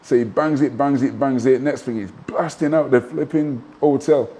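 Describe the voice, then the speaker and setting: A man, a former boxer telling animated anecdotes in a casual interview, full of asides and restarts. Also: mid-range voice, moderate pace. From Manchester, England. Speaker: guest, former professional boxer.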